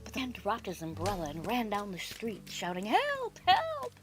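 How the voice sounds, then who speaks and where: A woman narrating a children's storybook in an expressive, dramatic reading style, with music underneath. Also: mid-range voice, fairly quick.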